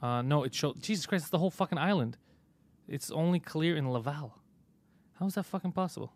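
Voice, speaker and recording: A man hosting a casual live-stream podcast, swearing freely and telling stories with animated energy. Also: a little high, a little fast. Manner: profane, animated storytelling. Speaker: podcast host.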